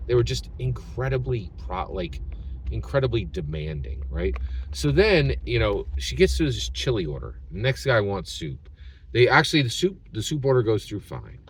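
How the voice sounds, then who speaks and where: A man's voice: medium pitch, normal speed, slight background noise. A man hosting his channel, telling a story as a rant and tagging his sentences with "right?". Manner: animated, tags sentences with "right?". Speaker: channel host.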